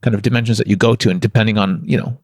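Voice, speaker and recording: A man's voice: lowish voice, fairly even intonation, racing, no room sound, studio quality. A man from Toronto, a podcast guest, telling a spiritual story in a rambling, candid way. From Toronto, Canada. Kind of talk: conversational storytelling.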